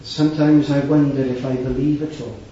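Preacher in an echoing hall, heard from afar. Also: male voice, flat delivery, fairly quick, a little hiss or hum. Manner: dramatic swings between loud, raised passages and hushed, low ones; earnest, heartfelt preaching with quoted scripture in old wording. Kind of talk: sermon. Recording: echoey hall, distant mic, dull lo-fi sound.

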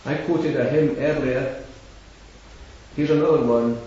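A man's voice: mid-range voice, steady tone, a little slow, warm tone. A man preaching an evangelistic sermon, rising and falling with emphasis and repeating scripture. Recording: echoey hall from far off, dull lo-fi.

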